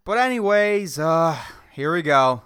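A man's voice: a little high, expressive, a little slow, a bit bright, smooth. A man hosting a solo podcast, ranting sarcastically with lots of swearing and laughing at his own jokes. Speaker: podcast host.

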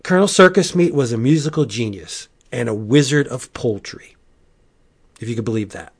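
Podcast host, male, mid-pitched, rambling and animated, full of asides. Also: normal speed, husky. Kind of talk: casual comic book review.

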